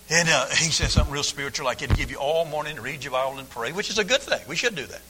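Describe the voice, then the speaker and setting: An older man preaching a folksy sermon, swinging from hushed asides to shouted lines in a church. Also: on the high side, expressive, fast, hardly any pauses, a little hiss or hum. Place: church sanctuary. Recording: long hall reverb.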